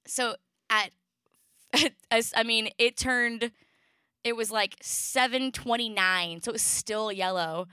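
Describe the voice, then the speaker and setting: A woman's voice: fairly high pitch, takes it slowly, clean tone, no room sound, clean studio sound. A woman in her thirties, a podcast co-host, telling stories in casual chat and laughing often. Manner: laughs often, animated storytelling.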